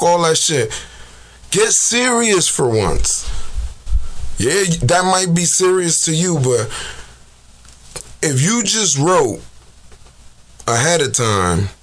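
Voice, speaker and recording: A man's voice: high voice, fairly bright tone. A man hosting his own show, delivering a heated, profane rant full of street slang and fillers. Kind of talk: casual ranting monologue.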